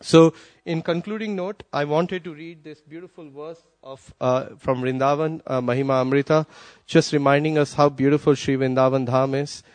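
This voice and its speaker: Quick-talking man giving a devotional class. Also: fairly high pitch, fairly even intonation, dry recording. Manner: quick, with restarts and soft asides. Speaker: class speaker at a temple gathering.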